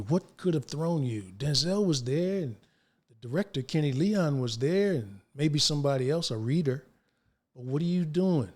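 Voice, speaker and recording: Older guy spinning stories, slangy and lively, acts out all the quotes. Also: a little high, moderate pace. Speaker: actor guest. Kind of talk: casual interview storytelling.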